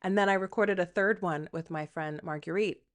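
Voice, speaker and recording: A woman with a fairly low voice hosts her own podcast in an unscripted, rambling monologue. She is candid and self-deprecating, slips in casual swearing, and voices her inner thoughts aloud as quick asides. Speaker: podcast host.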